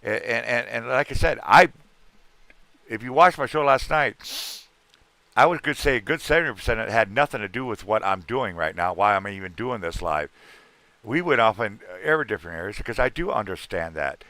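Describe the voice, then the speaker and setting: Homme à la voix grave et éraillée. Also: male voice, fairly low pitch, expressive, fairly quick, sharp tone, dry recording. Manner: rambling, earnest, repeats himself. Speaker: livestream host. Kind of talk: casual livestream chat.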